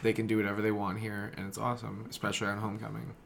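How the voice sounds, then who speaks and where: A young man chats and jokes in a relaxed podcast, teasing and laughing between lines. His voice is mid-pitched, with a faint hiss behind it. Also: rapid-fire, vocal fry. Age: young adult. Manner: joking, teasing, laughs often. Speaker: podcast co-host. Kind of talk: casual chat.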